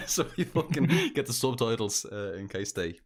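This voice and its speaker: A man's voice: lowish voice, big pitch swings, normal speed. An Irish man chatting casually on a podcast, rambling with many fillers and restarts. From Ireland. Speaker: podcast guest. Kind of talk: casual chat.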